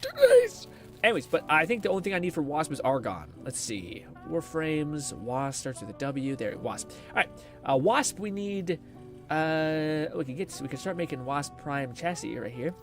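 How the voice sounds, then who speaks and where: A man's voice: on the high side, animated, moderate pace, fairly bright tone, faint music behind. A young man hosting a gaming livestream, rambling casually, swearing and laughing often as he chats. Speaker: livestream host. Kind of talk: casual gaming stream chat.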